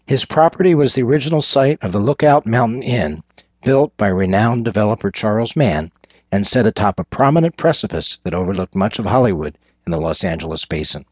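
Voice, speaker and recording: A man narrating a thriller audiobook in a measured, descriptive way. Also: lowish voice, lively intonation, a little mellow, husky, no echo. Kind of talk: scripted narration. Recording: dull lo-fi recording.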